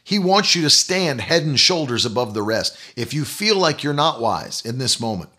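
A man's voice: mid-range voice, sing-song, normal speed, pushed and bright, husky. A man preaching a sermon, emphatic and repetitive, leading the listeners in spoken declarations. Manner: emphatic, repeats key phrases; leads declarations.

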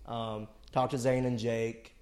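A man's voice: mid-range voice, flat delivery, slow pace, a little mellow. A man in his late twenties, co-hosting a podcast, telling a story in casual chat with dry asides and plenty of swearing. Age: late 20s. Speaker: podcast co-host.

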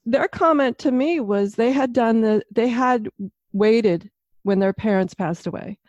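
A woman sharing anecdotes in a thoughtful, measured way during a conversation. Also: fairly high pitch, a little mellow, dry recording, lo-fi sound. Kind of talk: casual conversation.

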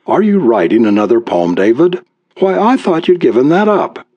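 A man voicing a fussy, doting older wife, warm and sighing, with a pleading, apologetic manner. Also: on the high side, wildly swooping pitch, unhurried, husky, no room sound, muffled recording, pitched above the performer's own voice, heavily acted.

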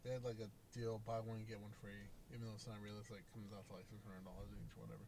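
A man's voice: on the low side, flat delivery, racing, creaky, warm tone, slight background noise. A young man on a casual podcast chat, telling a story and acting out both sides of the exchange, swearing freely. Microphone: podcast microphone.

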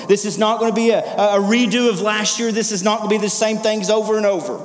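Pastor guy preaching, lively, asks the crowd for amens, kinda high voice, big echoey church. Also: a little fast, hardly any pauses, soft background music. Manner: energetic, preaching with call-and-response. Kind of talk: sermon.

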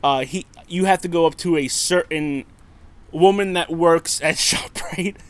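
A man's voice: on the high side, measured pace, a bit bright, clear, resonant tone, no echo. A man in his thirties co-hosting a casual podcast, telling a story with lots of laughter, swearing and acted-out quotes. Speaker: podcast co-host.

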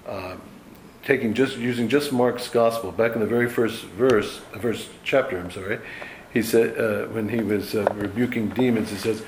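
Male Bible teacher, lower register, conversational and unpolished delivery; roomy, echoing recording. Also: steady tone, normal speed, a little hiss or hum. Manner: conversational, loose, frequent "you know" asides. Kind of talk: informal Bible study teaching.

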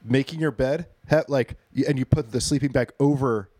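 A man co-hosting a comedy podcast, riffing in a deadpan, drawn-out way. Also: mid-range voice, no echo. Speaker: podcast co-host. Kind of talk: casual comedy podcast chat.

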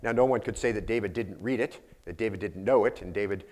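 A man's voice: lowish voice, fast, a little mellow. Man preaching an earnest sermon. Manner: earnest teaching with frequent fillers and rhetorical questions. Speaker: pastor.

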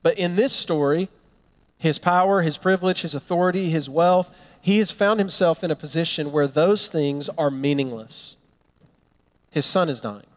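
A man preaching a sermon, telling a Bible story with animated storytelling and acting out the characters' lines. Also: on the high side, moderate pace, long reverb tail. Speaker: pastor.

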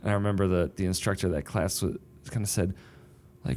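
A man's voice: sits low, quick pace, a little mellow, a little hiss or hum. A man who writes songs and novels, talking through his writing process in a thoughtful, casual conversation. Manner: thoughtful, explains with sung rhythms and examples. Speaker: songwriter and novelist.

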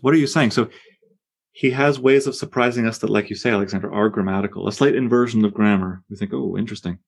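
A man's voice: fairly low pitch, quick pace, vocal fry, slightly rough. A man leading a poetry seminar, reading lines aloud with relish and tapping out the meter as he explains it. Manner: reads verse aloud with relish, taps out meter. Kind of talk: seminar discussion.

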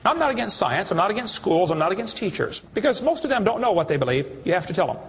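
A man's voice: sits high, very animated, quick pace, slightly rough. A man giving a preaching lecture to an audience, telling folksy, mocking stories with acted dialogue. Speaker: creation science speaker.

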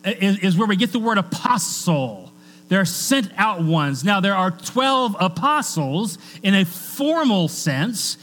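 In a recording with long church reverb and a faint mains hum, a male pastor with a high-pitched, fairly bright voice preaches a conversational sermon. He reads scripture aloud and drops in joking asides.

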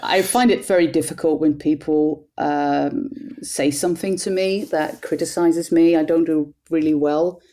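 A woman with a Dutch accent, a cycling commentator, talking in an animated, self-deprecating way with frequent restarts. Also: sits low, unhurried, few pauses. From Netherlands. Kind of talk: conversational interview.

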